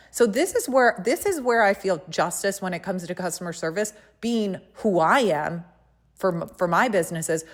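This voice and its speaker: A woman hosting a podcast, telling a story in a casual, emphatic, indignant way and talking straight to her listeners. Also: medium pitch. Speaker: podcast host.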